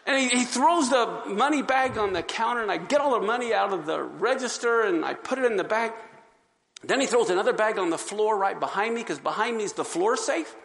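A man giving his testimony to an audience as an animated storyteller who acts out the scenes. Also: high voice, fairly quick, gravelly, in a large hall, slight background noise. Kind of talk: sermon-style testimony.

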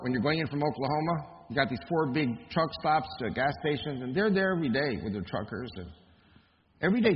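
Guy lecturing hard, high voice that swings all over, asks the crowd lots of questions. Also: big-room sound, highs cut off, slight background noise. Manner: emphatic, with rhetorical questions to the audience. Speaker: speaker. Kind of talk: impassioned lecture.

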